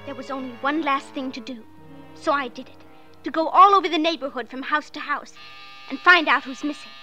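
A woman's voice: high voice, brisk, sharp tone, soft background music. An earnest little girl. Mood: forlorn. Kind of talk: 1940s radio acting.

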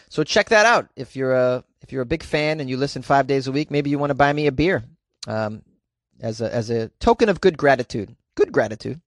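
A man's voice: mid-range voice, dry recording, clean studio sound. A man hosting a comedy podcast, talking in a rambling, self-deprecating way with lots of fillers. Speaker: podcast host. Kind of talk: casual comedic monologue.

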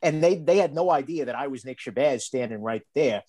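A man's voice: mid-range voice, animated, fairly quick, dark tone. A man who reviews knives, a guest on a podcast, telling rambling stories in casual chat with some mild swearing. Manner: rambling, storytelling, mildly profane.

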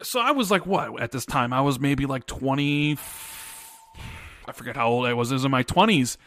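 A man's voice: medium pitch, expressive, moderate pace, fairly bright tone, dry recording. A man in his thirties, co-hosting a podcast, who chats casually and tells rambling stories with many restarts. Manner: rambling storyteller, restarts often. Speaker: podcast co-host. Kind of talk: casual chat.

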